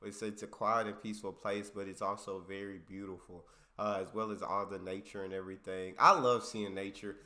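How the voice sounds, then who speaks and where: A man's voice: sits low, level tone, brisk, pushed and bright. Slangy Texan man hosting reactions. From Texas. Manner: upbeat, slangy. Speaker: reaction video host. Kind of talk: casual chat.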